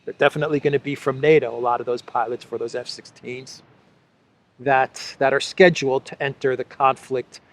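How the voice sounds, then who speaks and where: A man's voice: mid-range voice, flat delivery, a little fast. A man hosting a solo political commentary show, talking sarcastically and repeating phrases for effect.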